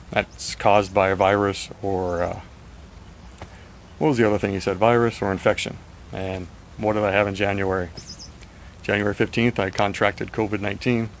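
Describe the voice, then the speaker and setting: A man chatting in a rambling, frank video diary, slightly raspy and short of breath. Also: on the low side, a little hiss or hum, poor audio. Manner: rambling, frank, swears at times. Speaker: vlogger.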